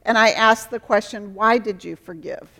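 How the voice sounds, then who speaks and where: A woman's voice: medium pitch, normal speed, bright, forceful tone, long reverb tail. A woman giving an earnest sermon as a Christian counselor, acting out dialogues to teach.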